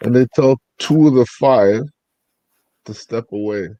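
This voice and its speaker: A man's voice: medium pitch, a little slow, mellow, no room sound, lo-fi sound. A man co-hosting a podcast, telling stories in casual chat, swearing freely and acting out both sides. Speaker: podcast co-host.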